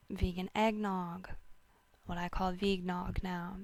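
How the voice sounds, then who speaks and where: A woman hosting a wellness talk, giving casual seasonal health advice in a slow, rambling way with many fillers and restarts. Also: medium pitch, level tone, dry recording. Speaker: wellness host.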